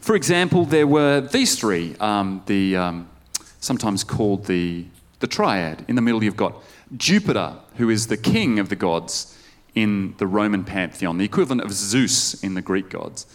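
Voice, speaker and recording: A man's voice: on the low side, very animated, normal speed. A male pastor preaching a conversational sermon, putting questions to the congregation. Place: church service.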